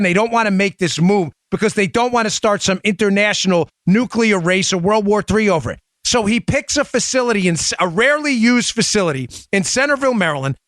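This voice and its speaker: A man hosting a talk show, speaking rapidly and emphatically and addressing listeners directly on a close studio mic. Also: high voice, a bit bright, no echo. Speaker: show host. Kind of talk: opinion talk show monologue.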